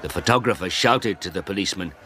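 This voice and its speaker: A man narrating a first-person story in a slow, plain reading style for English learners. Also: deep voice, pushed and bright, slight background noise.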